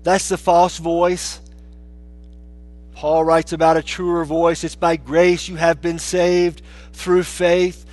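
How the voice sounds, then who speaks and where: A man preaching a sermon as pastor, swinging between hushed, low lines and raised, emphatic ones. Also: steady tone, slow pace.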